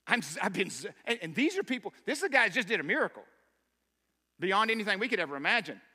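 A man's voice: high-pitched, big pitch swings, quick pace, bright, forceful tone. Impassioned male preacher in an echoing hall. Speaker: pastor. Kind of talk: sermon. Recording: long hall reverb.

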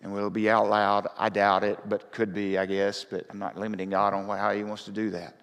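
A man's voice: fairly low pitch, level tone, fairly quick, clear, resonant tone. Male pastor preaching in a reverberant hall. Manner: conversational, rises to loud fervent reading. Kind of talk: sermon.

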